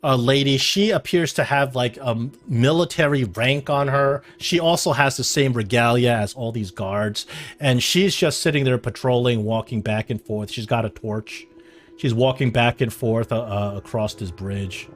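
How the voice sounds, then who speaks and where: Halting man running a tabletop game. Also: mid-range voice, faint music behind. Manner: halting, with many restarts and fillers. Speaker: game master.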